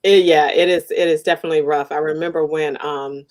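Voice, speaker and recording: A woman's voice: low voice, fairly even intonation, fairly quick, darkish tone. A woman hosting a casual interview, telling stories animatedly and laughing often. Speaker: podcast host.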